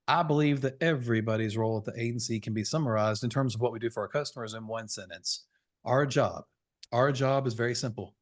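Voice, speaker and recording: A man around forty, coaching insurance sales over a video call in a folksy, fired-up, preachy way. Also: medium pitch. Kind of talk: energetic webinar training talk.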